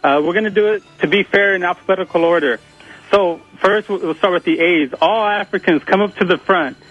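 A man calling in to a radio show and telling a joke haltingly, with fillers. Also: sits high, a bit bright. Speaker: caller. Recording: muffled phone line with faint music.

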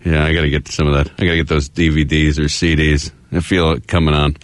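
A man's voice: rumbling low, level tone, fast, dry recording. A man hosting a call-in radio talk show, joking loosely and laughing often. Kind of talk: casual call-in radio banter.

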